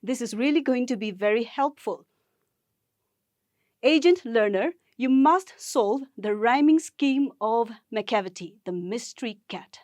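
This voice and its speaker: A woman teacher from Nagaland, India, leading a gamified poetry lesson for school students in a slow, encouraging way. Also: on the high side, expressive, darkish tone, no echo, clean studio sound. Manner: encouraging, speaks slowly and deliberately to learners.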